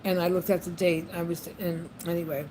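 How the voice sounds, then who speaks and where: Woman vlogger, lowish voice, chatty and repetitive, noisy room tone. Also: flat delivery, a little fast, dark tone. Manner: chatty, repeats phrases, frequent ums. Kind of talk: casual monologue to camera. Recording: noisy background ambience.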